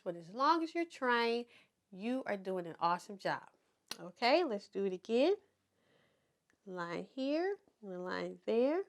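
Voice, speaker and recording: A woman teaching toddlers to write letters in a slow, encouraging preschool circle-time manner. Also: medium pitch. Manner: slow, sing-song and encouraging, speaking to toddlers. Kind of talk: children's circle-time lesson.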